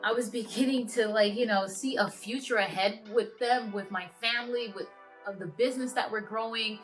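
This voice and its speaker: A woman in her twenties telling a personal story to camera in a halting, earnest way, often stopping and restarting her sentences. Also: fairly high pitch, soft background music. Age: 20s. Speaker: vlogger.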